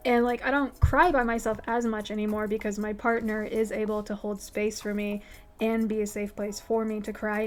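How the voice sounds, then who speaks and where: A woman's voice: fairly high pitch, darkish tone. A woman hosting a livestream, answering viewer questions in a candid, profane, emphatic way. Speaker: livestream host. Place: home streaming setup.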